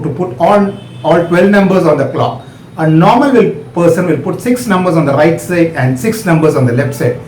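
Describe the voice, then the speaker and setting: A man's voice: fairly high pitch, a little mellow, roomy sound, slight background noise, poor audio. A man with an Indian English accent giving a step-by-step medical lecture, asking and answering his own questions.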